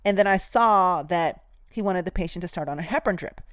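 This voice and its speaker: A woman nurse talks to her listeners in a low, steady voice, direct and emphatic as she tells stories from her shifts. The sound is close and dry, with no room around it. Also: a little fast, no room sound. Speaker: nurse and podcast host. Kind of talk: casual instructive storytelling.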